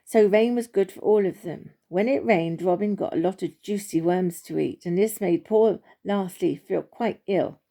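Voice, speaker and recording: In a mid-range voice, a woman reads a storybook for children gently and without rushing. Small slips occasionally make her start over.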